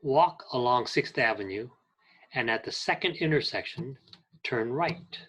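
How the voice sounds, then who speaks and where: A man's voice: medium pitch, expressive, fairly bright tone, husky, poor audio. A man teaching an English class, reading direction and clarification phrases aloud patiently. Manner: reads example phrases aloud, patient and deliberate. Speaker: ESL teacher. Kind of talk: slow classroom instruction.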